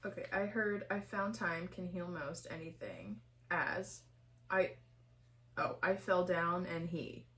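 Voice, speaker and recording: A woman's voice: on the low side, slow pace, fairly bright tone, a little hiss or hum. A young woman co-hosting a podcast, casually reading listener submissions aloud and giggling often. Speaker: podcast co-host. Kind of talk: casual chat.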